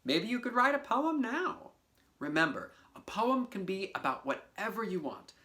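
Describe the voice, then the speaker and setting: A woman's voice: medium pitch, very animated, normal speed, a bit bright. A woman teaching artist giving a playful, encouraging poetry lesson to children, speaking directly to them. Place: home video for a virtual class.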